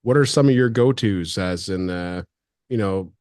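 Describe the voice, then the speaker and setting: A man's voice: low-pitched, normal speed, darkish tone, dry recording, studio quality. A man hosting a casual podcast interview, asking questions with hesitant fillers. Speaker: podcast host.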